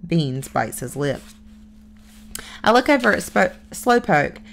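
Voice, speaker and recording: A woman's voice: lowish voice, sing-song, slow pace, gravelly, a little hiss or hum. A woman reading a children's novel aloud as first-person audiobook narration, plain storytelling with small lifts for dialogue.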